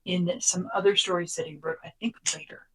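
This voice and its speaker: Poor audio carries a medium-pitched, fairly quick voice with a breathy edge. This podcast co-host chats casually while summarizing notes, lively and occasionally whispering quoted lines.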